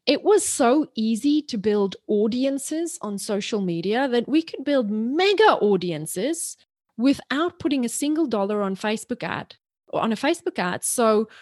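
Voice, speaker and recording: A chatty woman from South Africa whose accent blends South African, British and Australian sounds. She talks as a podcast guest in an animated, playful way, and the sound is close and dry. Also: fairly high pitch, no echo. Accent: mixed South African, British and Australian. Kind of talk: podcast interview.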